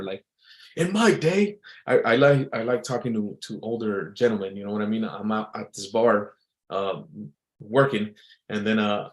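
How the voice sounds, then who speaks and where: Rambling man in a casual monologue. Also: medium pitch. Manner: rambling, many fillers and restarts. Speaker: entertainer.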